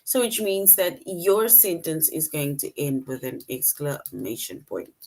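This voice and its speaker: Teaching grammar to kids online, this young woman speaks in a low, somewhat dark, sing-song voice, a little slowly. She walks through things patiently, one step at a time, performing the example sentences along the way.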